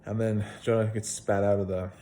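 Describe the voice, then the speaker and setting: A man's voice: on the low side, level tone, brisk, dark tone, slight background noise. A young man, a video blogger, casually retelling a Bible story at home in a plain-spoken, rambling way with fillers.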